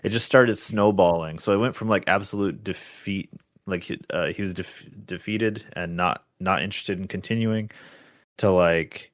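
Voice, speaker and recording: A man with a low voice chats casually on a gaming podcast. He tells stories with animated bursts, acting out the people he quotes. The sound is dry and close. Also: normal speed, dry recording. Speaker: podcast co-host. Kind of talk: casual chat.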